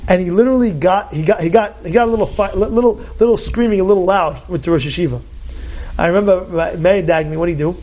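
A man teaching a Torah class as a rabbi, emphatic and animated, with loud outbursts and many rhetorical questions. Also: sits high, fast.

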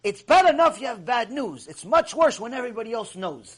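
A man teaching a religious lecture, emphatic and animated, telling stories and repeating points for effect. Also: very high-pitched, a little fast, few pauses, husky. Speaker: rabbi teaching a lecture series.

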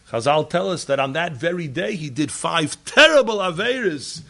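A man giving a sermon as a rabbi, swinging from loud emphatic peaks to quiet, low asides. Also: big pitch swings, normal speed, gravelly.

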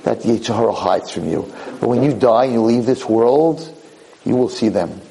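A man giving a Torah lecture as a rabbi, telling a dramatic story with animated repetition. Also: medium pitch, moderate pace, vocal fry, poor audio. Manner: animated, repeats words for emphasis.

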